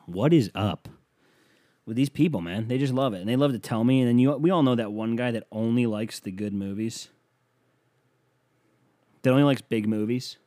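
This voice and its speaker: A man's voice: mid-range voice, normal speed, pauses often, mellow, no room sound, studio quality. A man ranting as a comedian in a profane, sarcastic, rambling monologue.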